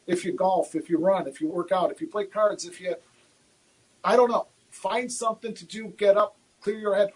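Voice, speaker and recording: A man, a guest futures trader, answering livestream questions in a candid, animated, self-deprecating way, often repeating his words. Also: high voice, normal speed, slightly rough, poor audio.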